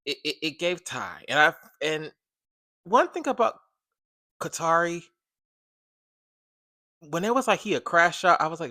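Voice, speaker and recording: A man reviewing a reality TV episode in a casual vlog, slangy and rambling, swinging from loud bursts to low mutters. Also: big pitch swings, a little slow, no room sound, studio quality. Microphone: camera on a tripod.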